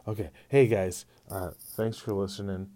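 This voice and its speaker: A man hosting his own podcast, rambling and halting as he talks, swearing freely, with dry self-deprecating humor. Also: lowish voice, steady tone, mellow. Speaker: podcast host. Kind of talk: casual solo podcast monologue.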